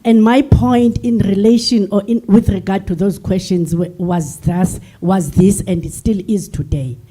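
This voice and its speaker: A woman's voice: mid-range voice, fairly even intonation, a little slow, dark tone, husky. An older South African woman delegate giving an earnest, emotional speech from the floor of a forum, repeating her points. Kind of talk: impassioned floor address. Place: large conference hall.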